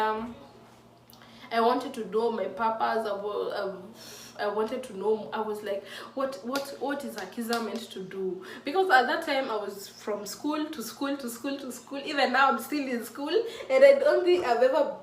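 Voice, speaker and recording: With a slightly high voice at ordinary speed, a woman in her mid-twenties vlogs casually about her faith, speaking to camera with earnest emotion. She restarts her thoughts many times. Her words echo around the room, captured by a faraway mic.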